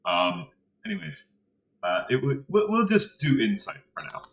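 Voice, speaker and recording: Man, game master, slow-paced, swooping lively pitch, laughs a lot, casual gaming banter. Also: slight background noise, poor audio. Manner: laughs often, drawn-out and lively delivery. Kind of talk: casual chat while gaming.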